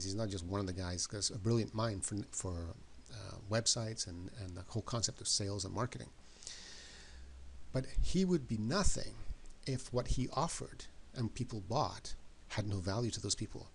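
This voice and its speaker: Gravelly low-voiced man giving a pep talk. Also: normal speed, slight background noise. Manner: emphatic, repeats words and questions for effect. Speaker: motivational speaker. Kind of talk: motivational talk to camera.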